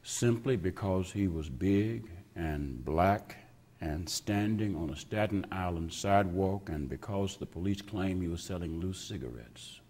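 Man, pastor, sermon, slow deliberate delivery, emphatic repetition, long church reverb. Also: deep voice, darkish tone, slightly rough. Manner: slow, emphatic preaching with drawn-out repetitions and dropping to a whisper. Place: church sanctuary.

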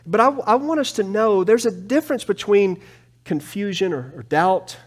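A man preaching a sermon as pastor in a church, animated, swinging from soft, low passages to loud, pleading ones. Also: moderate pace. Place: church sanctuary.

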